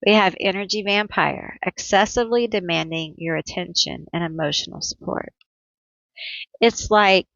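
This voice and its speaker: A woman's voice: fairly low pitch, moderate pace, vocal fry, fairly bright tone, no echo, dull audio. A woman reading tarot cards for her viewers, talking to them directly with empathy. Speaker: tarot reader. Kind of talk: pick-a-card tarot reading.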